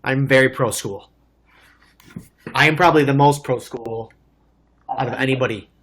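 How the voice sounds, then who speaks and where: A man's voice: mid-range voice, moderate pace, a bit bright. A man co-hosting a casual livestream, chatty and joking as he answers viewer comments. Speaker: co-host and culinary school graduate.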